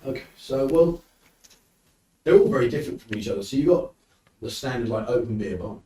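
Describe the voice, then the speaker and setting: A man's voice: medium pitch, brisk, far from the mic. A man from the UK with a British accent, telling anecdotes as a podcast guest and acting out quotes. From United Kingdom. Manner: animated anecdotes with acted quotes. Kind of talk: casual storytelling. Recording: roomy, from off mic, faint noise.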